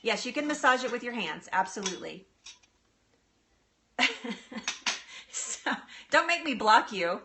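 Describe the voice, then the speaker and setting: A woman's voice: on the high side, big pitch swings, unhurried, pauses often, pushed and bright, slight background noise. A woman hosting a casual live cooking demo, chatting with viewers and laughing often. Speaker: live-stream cooking host. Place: home kitchen.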